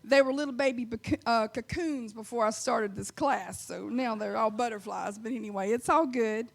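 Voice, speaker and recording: Southern woman in her fifties, stand-up comic, homey drawl, high voice. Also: normal speed, gravelly. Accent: Southern US, Alabama. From Alabama. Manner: folksy, drawling, chuckles at her own lines. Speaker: stand-up comedian. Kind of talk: stand-up comedy set.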